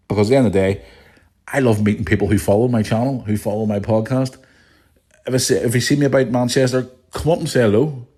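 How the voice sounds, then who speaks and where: A young man hosting a casual podcast, reading listener emails and chatting in an animated, sweary way. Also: on the low side. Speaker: podcast host.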